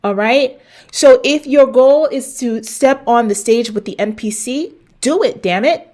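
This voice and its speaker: A woman's voice: fairly high pitch, unhurried, a little mellow. A middle-aged woman hosting a fitness show, giving blunt, preachy advice straight to viewers and swearing for emphasis. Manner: talks straight to viewers, repeats lines for punch. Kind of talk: direct-to-camera advice rant.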